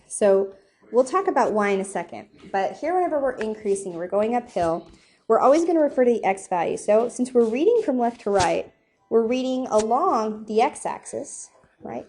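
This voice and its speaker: A woman's voice: fairly high pitch, expressive, normal speed, darkish tone, a little hiss or hum. A young woman giving a casual, chatty whiteboard math lesson, often checking in with "okay?" and joking about her drawings. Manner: chatty, self-deprecating, asks "okay?" often. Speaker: math teacher.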